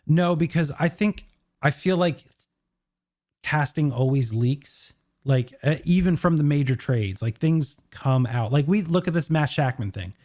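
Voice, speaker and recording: A man's voice: on the high side, lively intonation, unhurried, a little mellow. A man co-hosting a casual podcast chat, opinionated and full of "like"s and restarts. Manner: opinionated, hedges with many "like"s. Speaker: co-host.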